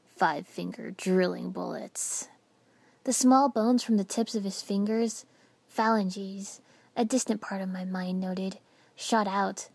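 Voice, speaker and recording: A woman's voice: medium pitch, no echo. Woman reading a story dramatically. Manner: dramatic, with hushed whispered passages. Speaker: audiobook narrator. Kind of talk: expressive first-person story reading.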